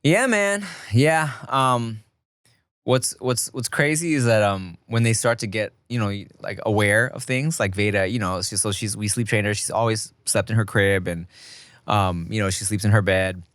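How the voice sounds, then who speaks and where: A man co-hosting a podcast in casual chat, an animated storyteller who swears freely and acts out the people in his stories. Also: lowish voice, normal speed, no echo, clean studio sound. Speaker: podcast co-host.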